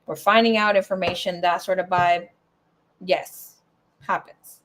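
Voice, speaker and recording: A woman's voice: fairly low pitch, fairly even intonation, a little slow, a bit bright. A young adult woman giving a casual tarot reading, chatty and emotional, swearing and tearing up as she talks. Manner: emotional, swears, laughs and tears up. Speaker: tarot reader.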